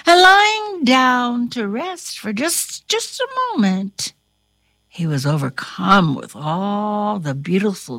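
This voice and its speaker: A woman reading a fairy tale aloud with very expressive, dramatic delivery. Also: no echo, studio quality. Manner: highly expressive, slow and dramatic. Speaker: storyteller. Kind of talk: storybook read-aloud.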